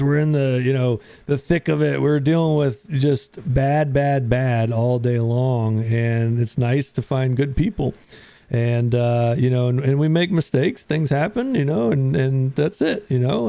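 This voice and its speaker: A man hosting a live stream in casual chat, halting and bashful, stumbling over his words. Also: medium pitch, creaky, mellow, clear, resonant tone, no echo. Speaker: stream host. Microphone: on camera.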